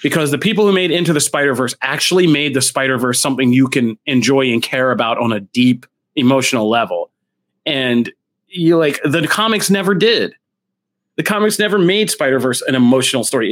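A man co-hosting a casual comic book chat, blunt and opinionated in a steady way. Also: medium pitch. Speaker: comic book podcast co-host.

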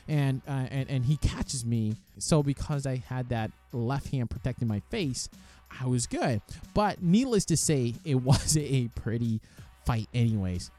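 A man casually recounts his amateur boxing match in a lively, animated way, acting out the voices he quotes and swearing freely. His voice is mid-range and a little slow, with faint music behind.

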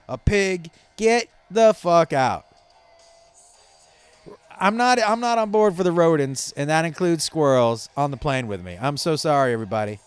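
A man hosting a comedy podcast, telling stories in a profane, animated way and laughing at his own jokes. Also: fairly high pitch, clear, resonant tone, no echo. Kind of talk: casual comedic monologue. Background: faint rock music playing.

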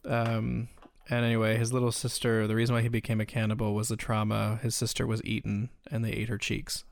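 A man's voice: fairly low pitch, completely flat delivery, brisk, creaky, no room sound. A man in casual chat, swearing freely and laughing at his own jokes.

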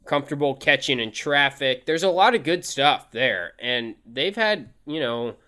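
A man's voice: mid-range voice, animated, unhurried, pushed and bright, smooth. A young man co-hosting a casual sports talk show, easygoing and analytical as he breaks down players. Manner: easygoing, laid-back agreeing, analytical.

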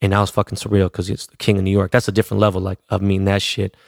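A man's voice: deep voice, monotone, very fast, creaky, no echo, studio quality. A middle-aged man from Los Angeles telling a rambling story in casual, slangy talk, swearing constantly.

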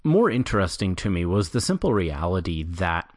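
A man hosting a solo podcast, talking in a measured, explanatory way with a light self-deprecating touch. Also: low voice, very animated, darkish tone, no room sound, clean studio sound. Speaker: podcast host. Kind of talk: solo scripted podcast monologue.

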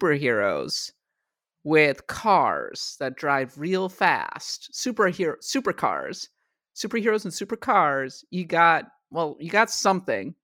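A woman hosting a podcast, chatting casually and telling stories with animated energy. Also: lowish voice, no room sound, studio quality. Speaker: podcast host. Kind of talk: casual chat.

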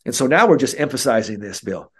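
Guy coaching youth hoops mindset, lively, jumps into kid voices, mid pitch. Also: quick pace, husky. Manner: animated, acts out kids' and coaches' voices. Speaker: mental skills coach, guest. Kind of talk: podcast interview.

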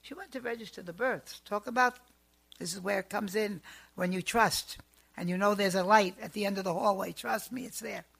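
A woman who works as a psychic, telling family stories in a chatty, animated and emphatic way. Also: medium pitch, normal speed, vocal fry, slightly rough. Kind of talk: storytelling monologue.

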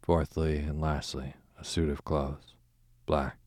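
A languid aristocratic duke with a dry, sarcastic drawl, read by a man in a bedtime audiobook. The voice is extremely deep and flat, the pace unhurried, the sound close and dry. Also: dry recording. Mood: sardonic.

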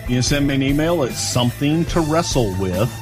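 An older man telling a story in a casual podcast chat, as a lively storyteller who jumps into other people's voices. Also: medium pitch, brisk, music in the background.

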